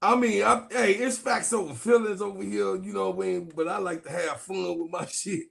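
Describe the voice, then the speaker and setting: A man giving loud, profane, joking sports commentary, laughing and calling out to his viewers. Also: high voice, steady tone, normal speed, creaky. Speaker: sports vlogger. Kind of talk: casual comedic sports commentary.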